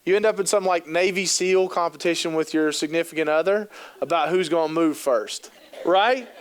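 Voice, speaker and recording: A keynote speaker on youth work, an upbeat man with a clean, high-side voice at moderate pace, tells jokey stories on stage in a conference hall. His humorous storytelling to the audience is full of fillers, and he acts out quoted voices.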